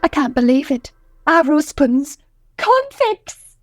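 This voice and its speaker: A fussy, excitable wife. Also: female voice, sits high, slow pace, over music, heavily acted. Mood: fussing. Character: fretful, scheming middle-aged wife. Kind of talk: radio sitcom acting.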